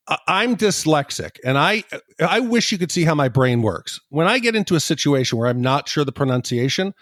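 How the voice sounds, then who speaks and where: A man's voice: on the high side, no room sound. A man co-hosting a podcast, talking in a self-deprecating, jokey way. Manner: self-deprecating, animated, laughs often. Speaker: podcast co-host. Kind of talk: casual podcast chat.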